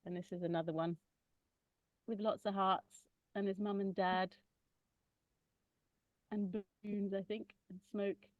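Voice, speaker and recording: A woman gently describing her children's massage work, pausing often with ums. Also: mid-range voice, level tone, no room sound, muffled recording. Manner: gentle, hesitant with many ums. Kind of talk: casual conversational sharing.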